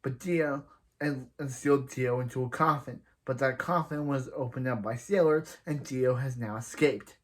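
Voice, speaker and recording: A man casually recapping an anime episode, rambling, restarting sentences, and often trailing off quietly. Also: mid-range voice, normal speed. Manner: rambling, with frequent restarts and "he's like" retellings.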